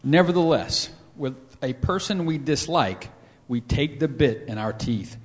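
A man at a meeting, reading a passage aloud in a steady, careful way. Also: a little high, measured pace, in a large hall. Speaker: meeting participant.

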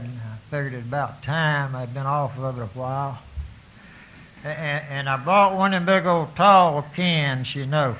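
A man with a fairly high, bright, forceful voice spins a folksy story before a crowd. He drawls through restarts and "you know"s with dry, self-mocking humor. A faint hiss sits under the talk. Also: rough recording. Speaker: speaker sharing his recovery story with an audience.

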